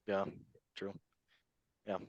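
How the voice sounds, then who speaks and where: A man hosting a casual football chat show, talking in an animated way and often repeating himself. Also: drawn-out words, dry recording, highs cut off. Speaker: podcast host.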